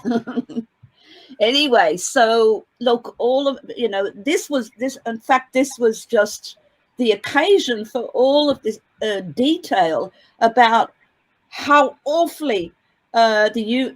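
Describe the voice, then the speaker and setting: A woman's voice: fairly high pitch, animated, slow pace, poor audio. A woman observing a trial who talks in long, rambling sentences full of restarts, speaking at an outdoor vigil. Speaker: trial observer giving an interview. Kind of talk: casual spoken commentary.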